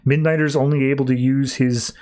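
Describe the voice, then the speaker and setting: A man hosting a podcast, retelling a comic in a quick, rambling way full of fillers. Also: mid-range voice, level tone, a little mellow. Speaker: podcast host. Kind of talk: casual comic recap.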